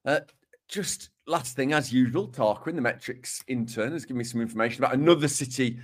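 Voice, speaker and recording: A man's voice: mid-range voice, a little fast. A man with a Dudley accent co-hosting a podcast, chatting casually, reading out listener letters and making playful, mock-serious jokes. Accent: Dudley, Black Country English. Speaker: podcast co-host.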